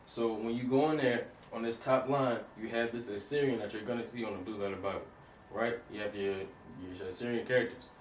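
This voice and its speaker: A man's voice: mid-range voice, fairly even intonation, fairly quick. Guy teaching a lesson, keeps asking okay? you get it?, sounds off-mic in an echoey room. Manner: repeats points, checks in with "okay?" and "you understand that?". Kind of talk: casual instructional talk. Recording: echoey room, distant mic, faint hiss.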